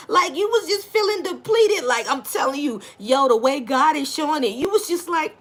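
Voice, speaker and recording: A woman's voice: high voice, normal speed, hardly any pauses. A woman giving a casual tarot reading, blunt and profane, talking straight to her viewers in slang. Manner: blunt and profane, chatty and animated; addresses viewers directly in slang. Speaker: tarot reader.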